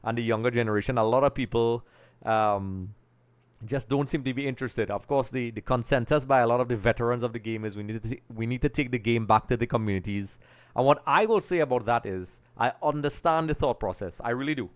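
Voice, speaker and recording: A man's voice: mid-range voice, fairly quick. A young man from Trinidad and Tobago hosting a live football talk stream, talking casually and rambling a little as he pulls things up on screen. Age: young adult. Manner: casual, rambling, thinks aloud while working.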